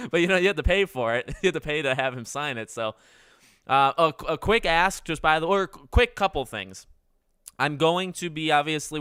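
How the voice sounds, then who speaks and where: A man's voice: medium pitch, pushed and bright, smooth, dry recording, studio quality. A man in his twenties hosting a casual livestream, chatting with viewers in a rambling, self-correcting way. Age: 20s. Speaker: livestream host.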